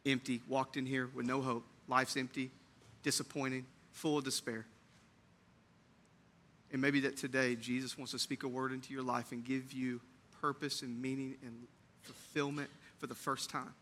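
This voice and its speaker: A man preaching an Easter sermon to his church, moving between hushed, tender lines and loud, fervent build-ups, repeating phrases for emphasis. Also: medium pitch, flat delivery, normal speed. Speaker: pastor. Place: church sanctuary.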